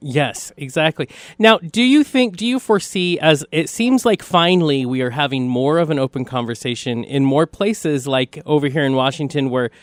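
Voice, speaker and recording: A man's voice: a little high, normal speed, hardly any pauses, dry recording. A man hosting an interview, affirming and asking long questions. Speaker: podcast host.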